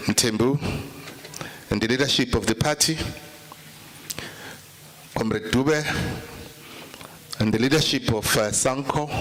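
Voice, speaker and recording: A man's voice: mid-range voice, fairly bright tone, slight background noise. Man giving a political speech. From South Africa. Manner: rousing call-and-response chants. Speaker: speaker at a political summit.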